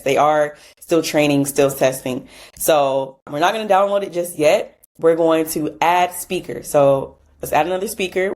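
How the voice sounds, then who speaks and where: Low-voiced chatty woman tutorial host. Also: a little mellow. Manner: chatty, laughs often, casual asides. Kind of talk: casual screen-recorded software tutorial.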